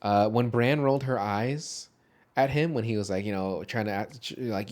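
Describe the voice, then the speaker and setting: A man co-hosting a casual movie podcast, talking loosely and profanely, laughing often and dropping to a low mutter over his notes. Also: moderate pace, darkish tone. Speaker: podcast co-host.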